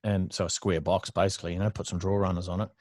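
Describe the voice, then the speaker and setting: A thirty-something Australian entrepreneur rattles off stories very fast in a casual interview, speaking bluntly, chattily, and with plenty of swearing. His low-pitched voice is darkish and flat in delivery, recorded in studio quality with no room sound.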